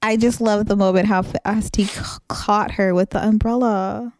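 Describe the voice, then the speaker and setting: A woman's voice: medium pitch, steady tone, moderate pace, darkish tone, no echo. A woman co-hosting a casual recap podcast, gushing about an episode and laughing often. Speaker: podcast co-host.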